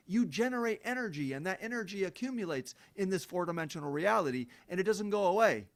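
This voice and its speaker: A middle-aged man giving a blunt, profane self-help monologue, breaking into heated emphatic rants. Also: sits high. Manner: mocks others in sing-song quoted voices. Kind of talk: unscripted monologue.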